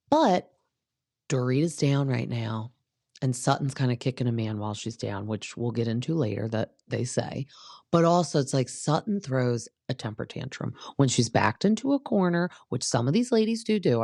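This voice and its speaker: A woman's voice: a bass voice, expressive, moderate pace, darkish tone, no echo. Chatty opinionated young woman, dry sound. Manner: chatty, opinionated, acts out quotes. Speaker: podcast host recapping reality TV. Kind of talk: casual chat.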